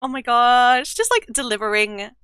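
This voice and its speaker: Gushing female unboxing vlogger, high, lively voice, dry close sound. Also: moderate pace, clean tone, no echo. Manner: gushing and excitable, with squeals and giggles. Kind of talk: casual merch unboxing chat.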